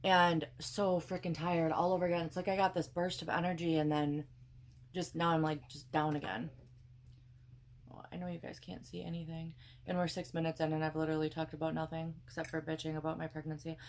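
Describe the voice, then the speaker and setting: A woman's voice: low-pitched, flat delivery, a little fast, a little hiss or hum. A young woman with a Wisconsin accent, chatting casually and rambling through tangents while she cooks, tired and pregnant, swearing now and then. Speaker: cooking vlogger. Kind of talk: casual chat while cooking.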